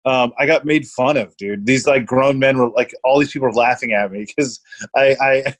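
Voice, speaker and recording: A man's voice: mid-range voice, moderate pace. A young man in casual chat, rambling through a story with lots of swearing and laughter.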